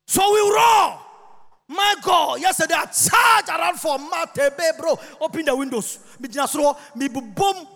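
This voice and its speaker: A man preaching a lively sermon in a church, shouting, chanting and singing out phrases. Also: very high voice, normal speed, few pauses. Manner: shouts and chants, sings phrases, mimics people. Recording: long reverb of a church hall.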